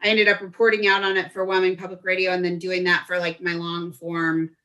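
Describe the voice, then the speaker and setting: A woman in her forties from Colorado, a guest telling stories in a lively, chatty way. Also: on the low side, a little fast. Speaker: podcast guest. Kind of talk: casual storytelling chat.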